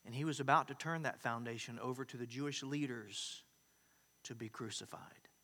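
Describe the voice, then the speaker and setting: A man preaching a sermon as a pastor, swinging between emphatic loud declarations and hushed, quiet asides. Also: mid-range voice, normal speed, long reverb tail.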